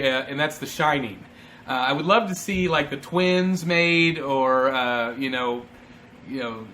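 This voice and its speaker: A man's voice: a little high, bright, forceful tone, slight background noise. A man co-hosting a casual collectors' show, joking and chatty, dropping slang like "mate" and "bloody". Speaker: co-host. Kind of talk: casual chat.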